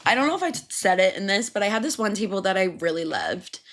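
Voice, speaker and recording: Young woman, solo podcast host; animated, bright, rambling and profane, self-amused. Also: medium pitch, fast talker. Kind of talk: casual solo podcast chat.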